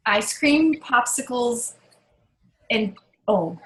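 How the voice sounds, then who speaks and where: A woman hosts a casual interview in a fairly high voice, playful and jokey. Her voice rings with a roomy echo. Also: expressive, extremely slow, fairly bright tone. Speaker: host.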